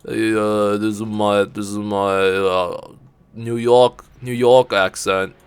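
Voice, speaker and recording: A man's voice: fairly low pitch, flat delivery, slow pace, clean tone, no echo. A man doing a hammy tough-guy voice with a put-on New York accent, greeting his viewers. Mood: mock-tough.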